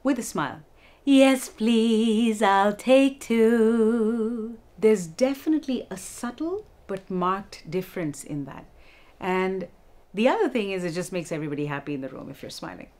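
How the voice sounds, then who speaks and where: A woman vocal instructor giving a music lesson, explaining techniques clearly and demonstrating them. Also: lowish voice, big pitch swings, brisk, a little mellow.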